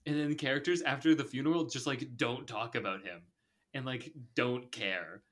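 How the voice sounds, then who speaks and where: A man's voice: medium pitch, normal speed, a bit bright. A man hosting a podcast in casual chat, rambling with lots of filler words and frequent laughs. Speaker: podcast host.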